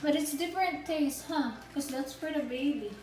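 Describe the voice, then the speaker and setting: A woman's voice: high voice, normal speed, reverberant. A woman, chatting playfully on a family vlog and coaxing her kids. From Philippines. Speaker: family vlogger. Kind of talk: casual family vlog chat.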